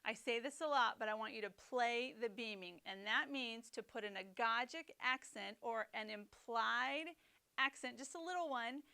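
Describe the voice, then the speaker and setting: A woman with a bright, crisp voice, pitched a little high, teaching snare drum technique. She explains rhythms and phrasing step by step, clearly and methodically. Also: moderate pace. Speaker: percussion teacher. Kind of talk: instructional lesson.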